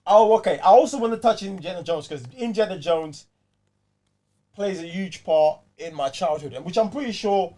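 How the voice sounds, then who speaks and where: A man co-hosting a casual podcast chat, excitable and prone to repeating himself. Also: high-pitched, normal speed. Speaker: podcast co-host.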